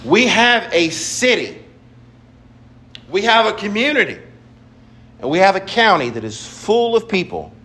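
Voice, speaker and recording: High-voiced male preacher. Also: fairly bright tone. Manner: emphatic, repetitive preaching with restarts. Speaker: pastor. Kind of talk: sermon.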